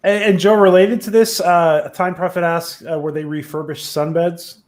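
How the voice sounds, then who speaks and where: A man's voice: a little high, fairly even intonation, normal speed. A male host of a casual live stream, reading viewers' questions aloud in an upbeat way.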